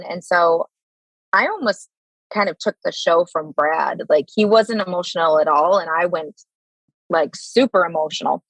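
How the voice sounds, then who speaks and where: A woman in her thirties with an American accent, a guest telling her Army stories in a candid interview, halting with many fillers and restarts. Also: fairly low pitch, no room sound, rough recording.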